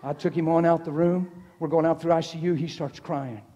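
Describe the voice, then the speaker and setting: Husky-voiced male preacher in a reverberant hall. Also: a little high, a little fast, dull audio. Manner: storytelling, animated, acts out dialogue. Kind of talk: sermon. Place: church hall. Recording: long reverb in a church hall.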